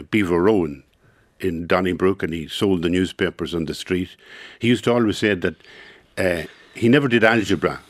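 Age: adult. Sex: man. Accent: Irish. Pitch: fairly low. Style: reflective interview guest in a studio. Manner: halting, searching for words. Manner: thoughtful, halting, many repeated words. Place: radio studio.

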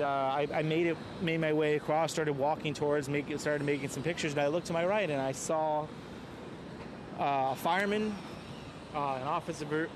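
Sex: man. Role: news photographer. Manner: halting, with loud street traffic behind. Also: on the high side. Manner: halting, searching for words. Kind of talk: interview recollection.

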